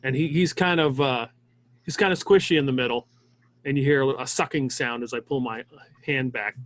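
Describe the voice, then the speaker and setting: A man's voice: medium pitch, moderate pace. Laid-back male game player. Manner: laid-back, hesitant describing of moves. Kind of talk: casual chat.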